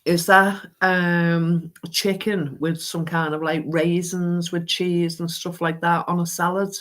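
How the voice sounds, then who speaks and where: A woman's voice: lowish voice, little pitch movement, slow, fairly bright tone. A woman with an English accent hosting a casual livestream, chatting and asking viewers questions. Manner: chatty, asks viewers questions, calls them love. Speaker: livestream host. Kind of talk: casual chat reading viewer comments.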